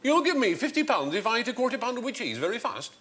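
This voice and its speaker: An actor playing a blunt, exasperated fast food shop owner with a northern English accent in a comedy sketch. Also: male voice, very high-pitched, sing-song, fairly bright tone, full character voice. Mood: blunt bemused.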